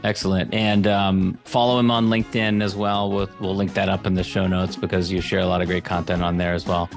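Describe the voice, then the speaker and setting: A man's voice: low voice, little pitch movement, brisk, faint music behind. A man hosting an interview podcast, upbeat and affirming as he responds to his guest and wraps up the show. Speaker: podcast host.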